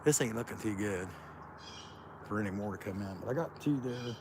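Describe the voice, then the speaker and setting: A man with a lazy Kentucky drawl rambles through a casual live chat, his voice sitting a bit low. He is out in open farm fields, with faint outdoor noise behind him. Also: a little fast. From Central Ohio. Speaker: livestream host.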